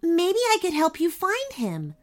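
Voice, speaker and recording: A polite, eager young girl with a high, lively voice, put on by a woman reading a children's story. She speaks carefully and kindly, with a slow, gentle delivery. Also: exaggerated voice.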